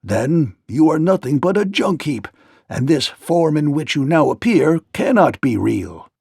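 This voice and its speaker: A man's voice: big pitch swings, a little slow, creaky, darkish tone, breathy edge, dry recording, studio quality, heavily acted. A man doing a frightened, pompous gnome king. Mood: trembling. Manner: cries out in high, shaken tones. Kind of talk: storybook read-aloud.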